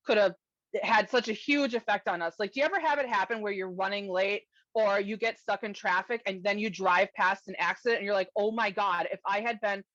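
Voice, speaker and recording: A woman's voice: mid-range voice, a bit bright, no echo. Lady on a comics podcast, rambly and emotional, muffled dry remote mic. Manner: emotional, chatty, many fillers. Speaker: podcast co-host reviewing comics. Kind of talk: casual podcast chat.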